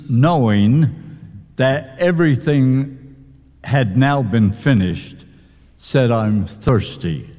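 Animated man preaching in an echoing hall. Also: mid-range voice. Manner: animated, emphatic preaching with dramatic pauses. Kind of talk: sermon. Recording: long reverb of a large hall.

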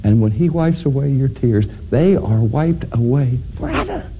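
A man preaching a sermon, addressing his congregation directly and building to loud, emphatic climaxes. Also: mid-range voice, lively intonation, moderate pace, gravelly, slight background noise. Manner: addresses audience directly with questions.

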